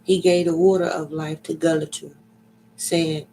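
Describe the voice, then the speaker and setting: A man giving a slow, dramatic reading of an ancient myth, with deliberate pacing and sudden loud cries. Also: a little high, level tone, a little hiss or hum, rough recording.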